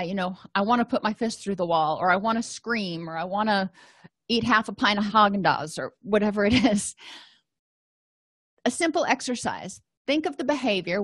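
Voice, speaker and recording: A woman's voice: on the high side, a bit bright, dry recording. A woman counselor giving an educational lecture, explaining in a conversational way with everyday examples and quoted self-talk. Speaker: counselor and trainer.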